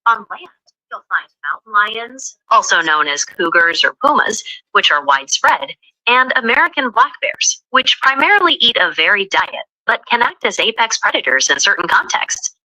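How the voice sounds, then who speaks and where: Bright, lively synthetic female assistant voice. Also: medium pitch, moderate pace, low-quality recording. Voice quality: polished, even and helpful. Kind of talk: conversational assistant replies.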